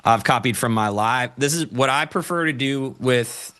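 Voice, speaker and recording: A man's voice: mid-range voice, moderate pace, sharp tone. A man co-hosting a live stream, chatting loosely and laughing often as he answers chat questions.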